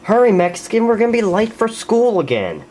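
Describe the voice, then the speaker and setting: A woman's voice: mid-range voice, big pitch swings, a little fast, mellow, slight background noise, voice pushed up, lightly acted, rough recording. A woman voicing a hesitant, cheeky young male duck student who mumbles his way through talking to the teacher. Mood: hurried.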